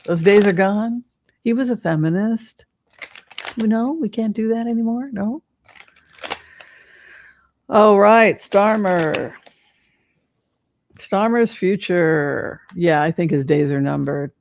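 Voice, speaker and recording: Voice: medium pitch, slow pace, long pauses, slight background noise. A tarot reader hosting a casual livestream, chatting in a rambling, hesitant way with lots of fillers and restarts, adding incredulous asides.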